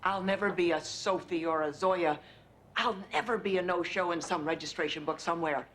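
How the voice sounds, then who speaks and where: A woman's voice: on the low side, fairly even intonation, a little fast, a bit bright, natural voice. An actress playing an outspoken, sardonic woman journalist in her forties, speechifying with defiance in a sitcom. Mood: defiant. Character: brash outspoken woman journalist, mid-40s. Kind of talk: sitcom acting. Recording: studio audience laughter, noisy.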